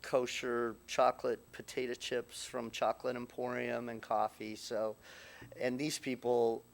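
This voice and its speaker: A middle-aged man giving a eulogy for his mother at a funeral, speaking haltingly with many restarts and pauses, at times choked up. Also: mid-range voice, flat delivery, creaky. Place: funeral chapel.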